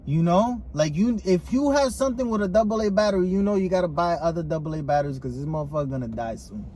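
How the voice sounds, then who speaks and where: A man co-hosting a casual podcast chat, animated and profane, dropping Spanish words now and then. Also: high-pitched, quick pace. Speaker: podcast co-host.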